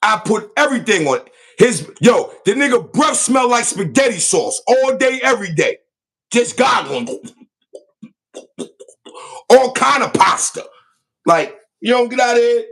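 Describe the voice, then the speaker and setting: High-pitched guy roasting someone on his show, loud and mocking, voice all over the place. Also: sing-song, unhurried, creaky, long pauses. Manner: loud, mocking, repeats catchphrases. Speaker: online show host. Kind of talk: comedic roast rant.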